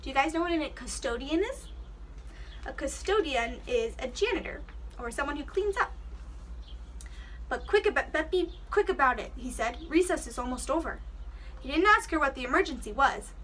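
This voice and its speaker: A woman's voice: high voice, lively intonation, normal speed, a bit bright, far from the mic, a little hiss or hum. A woman teacher reading a children's storybook aloud, giving the characters voices and stopping to explain words to the kids.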